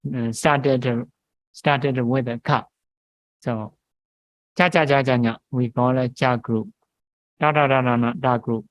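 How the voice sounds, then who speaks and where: Man, monk teacher, slow deliberate speech, recites syllables, dry close sound. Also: medium pitch, no echo, low-quality recording. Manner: slow, halting English with frequent "uh" and recited syllables. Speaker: monk teaching Pali grammar. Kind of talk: grammar lesson. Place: meditation centre classroom.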